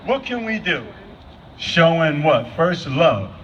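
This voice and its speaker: A man's voice: a little high, big pitch swings, takes it slowly, fairly bright tone, distant mic. Man speaking at an outdoor vigil. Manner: asks the crowd repeated questions. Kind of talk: impromptu public speech. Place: outdoor gathering. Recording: dull lo-fi with faint noise.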